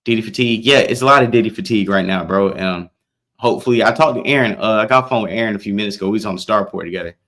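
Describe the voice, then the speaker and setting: A man's voice: lowish voice, very fast, fairly bright tone. A man hosting a livestream, chatting casually in slang and reacting to viewer comments. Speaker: livestream host.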